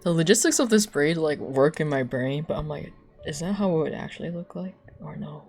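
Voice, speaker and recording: A young adult livestreamer telling a long story to chat in a loose, casual way, full of "like", swearing and laughter, with quoted people acted out in sudden jumps of pitch. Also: lively intonation, fairly quick, a little mellow, slightly rough, soft background music. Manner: rambling, heavy use of "like", swears, laughs between lines.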